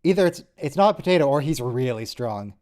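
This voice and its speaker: A man's voice: medium pitch, expressive, quick pace, darkish tone. A man co-hosting a movie watch-along, chatting casually and tossing out wry questions and jokes. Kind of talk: casual chat over a movie.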